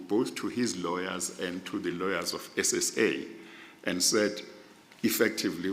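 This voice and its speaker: Older judge, deep voice, unhurried, measured. Long reverb of a large hearing room. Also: male voice, a bit bright, slight background noise. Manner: deliberate, careful, fond of restating points. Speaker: interviewee judge. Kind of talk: formal measured explanation.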